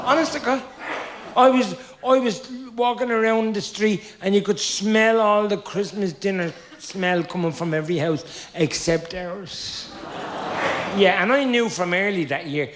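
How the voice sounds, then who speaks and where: A Dublin comedian telling stories on stage in a notably high voice. He is broad and animated and leaves pauses for the punchlines. Faint ambience and audience laughter sit under his voice. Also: roomy sound, noisy background. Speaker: stand-up comedian. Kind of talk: live stand-up storytelling.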